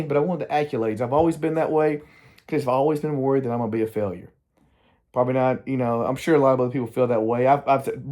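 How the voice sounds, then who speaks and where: A middle-aged man with a drawl talks openly to his camera in a loose personal vlog. He meanders, restarts his sentences and drifts off topic, in an ordinary mid-pitched voice. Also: a little mellow. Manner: candid, meandering, self-interrupting. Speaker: vlogger.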